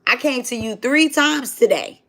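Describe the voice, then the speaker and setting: A woman voicing a patient male holy teacher who gently questions and scolds his follower while she tells the story. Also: high voice, lively intonation, moderate pace, slight background noise, pitched above the performer's own voice. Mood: gently questioning.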